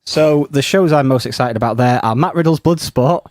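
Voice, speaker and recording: A man's voice: mid-range voice, moderate pace, a little mellow, dry recording, clean studio sound. A man on a podcast, earnestly giving a detailed rundown in casual chat. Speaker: podcast co-host.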